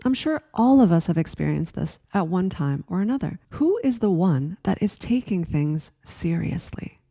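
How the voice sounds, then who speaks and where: A woman in her forties giving a gentle, earnest spiritual talk that often asks the listener questions. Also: on the low side, animated, moderate pace, gravelly. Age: 40s. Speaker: spiritual teacher. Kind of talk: reflective spiritual talk to camera.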